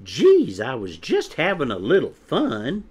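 A man voicing a bratty, smug young hen in a storybook reading, with a squeaky, snide sing-song voice. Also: big pitch swings, unhurried. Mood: exasperated.

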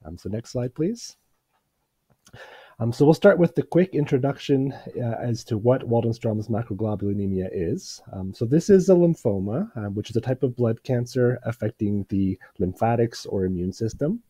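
A man presenting a medical lecture, slightly hoarse from a cold, explaining in a measured way with frequent pauses and fillers. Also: mid-range voice, expressive, dark tone, no echo. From Canada. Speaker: hematologist presenter.

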